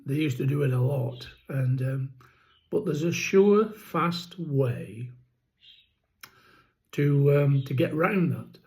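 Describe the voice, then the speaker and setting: A man explains how he keeps poultry in a casual vlog, rambling with many ums and restarts while his throat rattles. He speaks slowly and pauses often, his voice a little high, expressive and somewhat dark. The recording is rough.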